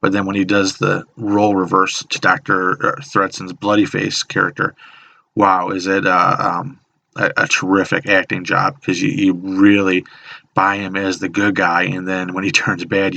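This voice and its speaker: A man hosting a horror list video, talking casually with many halting restarts and enthusiastic praise. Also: deep voice, gravelly, sharp tone, low-quality recording. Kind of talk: casual spoken commentary.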